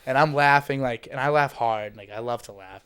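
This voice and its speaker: Fast-talking young man telling stories. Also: mid-range voice. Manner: animated storyteller, heavy use of "like". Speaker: podcast guest. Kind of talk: casual chat.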